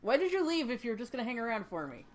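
A woman's voice: fairly high pitch, very animated, fast. A woman hosting a let's play, chatting casually and playfully over her gameplay with light game music behind her. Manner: playful, reads game dialogue aloud in put-on voices.

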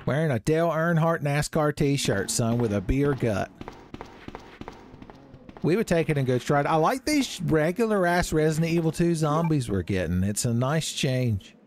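A man's voice: on the high side, lively intonation, moderate pace, a little hiss or hum. A man doing joking, rambling gameplay commentary, calling listeners son. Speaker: let's play host. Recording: game music behind voice.

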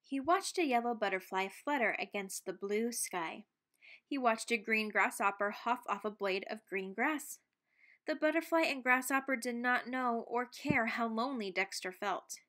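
Woman, children's book read-aloud, expressive, playful sound words, fairly high voice.

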